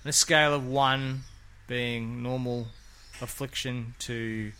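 A man's voice: medium pitch, steady tone, slow pace, bright, forceful tone, slight background noise. A man, co-hosting a casual podcast chat in a jokey, rambling way. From Australia. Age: 50s. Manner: jokey, rambling, laughs often. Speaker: podcast co-host.

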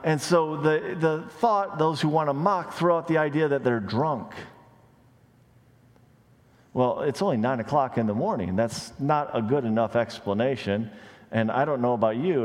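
A pastor delivers his sermon in a mid-pitched voice, climbing high on questions and dropping low to press a point. He drifts into casual, joking asides between the preaching. His voice rings out with a long reverb from a large church sanctuary. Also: normal speed, darkish tone. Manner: conversational asides with light humor.

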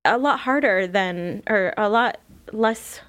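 A woman's voice: mid-range voice, slow pace, fairly bright tone. A young woman hosting a podcast, talking candidly in a rambling personal monologue full of fillers and restarts. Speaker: podcast host.

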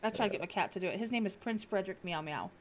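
A middle-aged woman co-hosting a stream, telling blunt, animated stories in casual chat. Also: medium pitch, very fast, a little hiss or hum. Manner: blunt, animated storyteller acting out her cat. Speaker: stream co-host.

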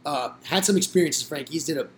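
A young man with a higher voice tells rowdy, profane stories fast as a podcast guest in a casual chat, acting out what other people said. A little hiss or hum is audible.

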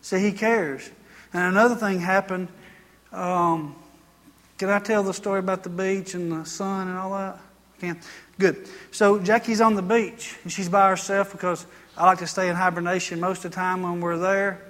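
A man's voice: high-pitched, steady tone, normal speed, a bit bright, in a large hall. A male pastor preaching a sermon in a folksy, chatty storytelling way, full of asides.

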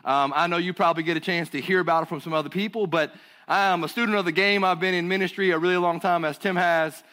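A man from North Carolina with a Southern accent, preaching as a guest pastor in an energetic, joking storytelling manner. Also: sits high, fast talker. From Burlington, North Carolina. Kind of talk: sermon.

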